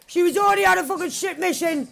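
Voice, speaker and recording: A woman chatting while she plays a game with friends, excitable, swearing a lot and yelling at the screen. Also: very high voice, creaky. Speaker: gamer playing with friends.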